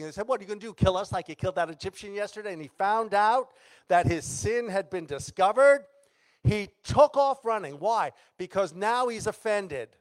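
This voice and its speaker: High-voiced male pastor acting out a sermon. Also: expressive, a little slow. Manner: dramatic storytelling, acting out quoted voices.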